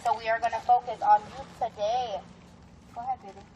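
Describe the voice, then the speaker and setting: A woman's voice: fairly high pitch, steady tone, fairly quick, dark tone, slight background noise, low-quality recording. A woman organizer speaking earnestly to a crowd outdoors, running through a list of points. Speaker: organizer at a vigil. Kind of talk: addressing a crowd. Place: outdoors at a park gathering.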